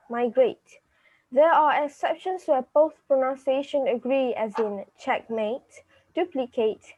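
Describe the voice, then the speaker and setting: A woman with a high voice explains pronunciation rules clearly. The sound is dry and close. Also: mellow, no room sound, highs cut off. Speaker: student presenter. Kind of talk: reading a phonetics presentation.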